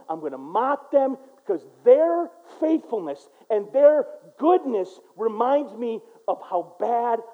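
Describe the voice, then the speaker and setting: An American man preaching a sermon as pastor, earnest, moving from loud urgent stretches to quiet low ones, mimicking people in asides. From United States. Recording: dull lo-fi recording.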